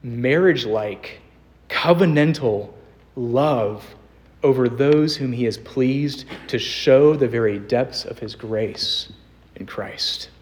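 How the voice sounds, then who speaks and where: A man's voice: medium pitch, a little mellow. Earnest young man preaching. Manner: earnest, varied emphasis, slows on quoted scripture. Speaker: pastor. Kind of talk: sermon. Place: church sanctuary.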